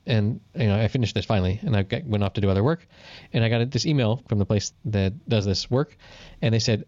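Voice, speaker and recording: A man's voice: lowish voice, lively intonation, fast, a little mellow, no echo, dull audio. Man telling a story on a podcast. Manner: storytelling, swears casually. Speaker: podcast co-host. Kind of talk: casual chat.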